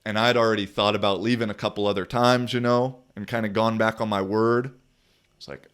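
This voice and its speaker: A young man with a lowish voice tells a long story on his podcast in a casual way. He rambles, swears freely and leans on "like" and "you know" as he goes. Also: steady tone, brisk, fairly bright tone, smooth. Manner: profane, rambling, full of fillers. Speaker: podcast host and football player.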